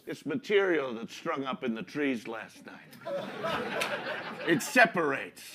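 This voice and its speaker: A man voicing a gruff detective in a live improv comedy scene, talking in a deadpan, grumbling way, with an audience laughing behind. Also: mid-range voice, measured pace, some chatter behind, a little hiss or hum.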